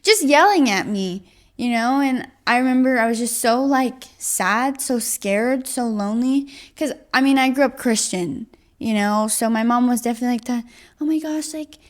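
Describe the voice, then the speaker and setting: Young woman, late teens, guest testimony, casual and halting, slightly high voice. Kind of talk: personal testimony.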